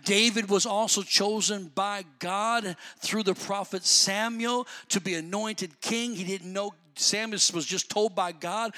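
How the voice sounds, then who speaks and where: A man preaching a sermon, swinging from soft, low asides to loud, fervent shouting. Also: normal speed, hardly any pauses. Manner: shouting, building to fervent peaks.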